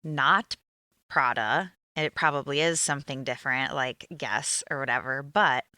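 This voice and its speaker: A woman's voice: rumbling low, measured pace, sharp tone, dry recording, studio quality. A woman with a Minnesota accent, co-hosting a podcast in casual, opinionated recap chat full of fillers. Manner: chatty and opinionated, with frequent fillers. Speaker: podcast co-host.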